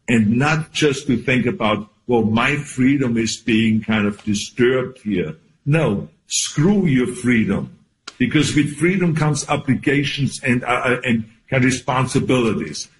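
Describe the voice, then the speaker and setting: A man's voice: medium pitch, low-quality recording. Austrian-accented man, blunt and emphatic, video-call clip audio, mid-range voice. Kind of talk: impassioned remarks on a call.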